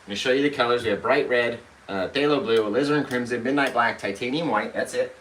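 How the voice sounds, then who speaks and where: A man's voice: medium pitch, quick pace, fairly bright tone. A man hosting a live painting tutorial, chatty and upbeat, walking viewers through each step. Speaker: painting instructor. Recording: roomy, distant mic, faint noise.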